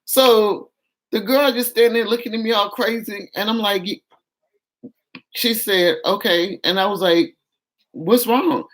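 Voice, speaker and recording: Speaking directly to her viewers, a woman vlogger tells a story in a casual, animated, exasperated manner. Her voice sits in the mid range and her pace is moderate.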